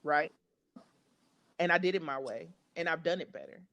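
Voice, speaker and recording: A woman's voice: low voice, moderate pace, a bit bright. Blunt, cussing woman podcast host. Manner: blunt, profane, preachy. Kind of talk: casual podcast chat.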